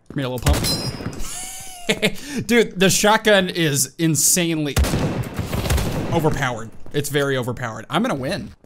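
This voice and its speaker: A man giving casual let's-play commentary on a shooter game, excitable and prone to sudden yelps and exclamations. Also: fairly high pitch, noisy background. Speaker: gaming YouTuber. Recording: loud game gunfire behind voice. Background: video game gunshots and effects.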